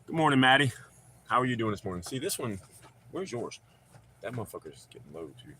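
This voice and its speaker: Streaming casually from a home he shares with dogs, this man speaks in a very animated, brisk mid-range voice with a sharp tone. He has a North Carolina accent but isn't from there, and his talk is rambling, jokey and full of profanity; slight background noise is audible.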